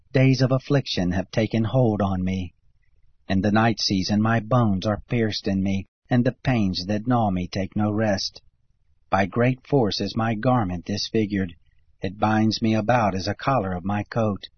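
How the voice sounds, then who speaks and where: A man with a husky voice giving a steady, measured reading of scripture. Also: lowish voice, no room sound. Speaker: scripture reader. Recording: dull lo-fi recording.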